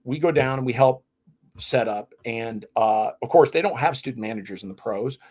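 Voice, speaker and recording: A man in his fifties from New England, a podcast guest telling animated stories in casual interview talk. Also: medium pitch, moderate pace, slightly rough. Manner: animated, lively anecdotes with restarts.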